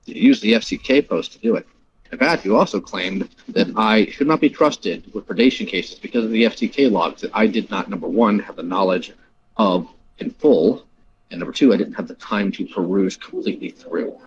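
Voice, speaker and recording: A man's voice: lowish voice, lively intonation, normal speed, vocal fry. A man arguing defensively on a recorded voice call, using formal wording. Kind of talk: heated argument on a call. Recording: dull, noisy call recording.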